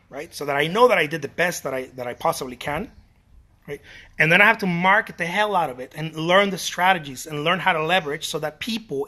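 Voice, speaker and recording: Emphatic, bright-voiced man giving pep talk. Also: high-pitched. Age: middle-aged. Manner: emphatic, repeats himself, restarts phrases, swears casually. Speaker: artist talking to fellow artists. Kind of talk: casual motivational talk to camera.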